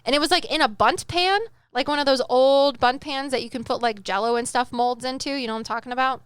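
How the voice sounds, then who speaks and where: A medium recounts a psychic reading in a casual, chatty storytelling style, getting emotional, tearful at times, and laughing through her tears. Her high, smooth voice moves fast with fairly even intonation. The recording is studio quality with no echo.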